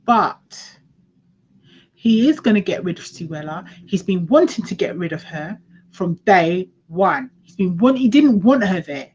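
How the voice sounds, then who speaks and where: A woman's voice: lowish voice, animated, unhurried, darkish tone, husky, dull audio. A woman giving a casual tarot reading, emphatic and repeating her phrases, now and then swearing. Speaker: tarot reader.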